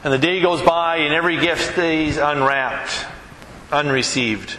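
A man preaching a sermon in a church, earnest, swinging between loud emphasis and hushed softness and slowing down to quote scripture. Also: a little high, slight background noise. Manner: slows down when quoting scripture. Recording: echoey room.

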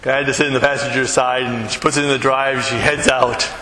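A middle-aged man, a pastor, preaching a sermon in a church hall, animated, acting out little scenes and quizzing the congregation. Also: medium pitch, fast talker, background noise. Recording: echoey hall with long reverb.

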